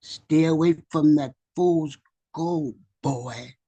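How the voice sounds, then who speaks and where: A man voicing his dead father, who gives stern advice to his son in a low, quiet voice. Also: takes it slowly.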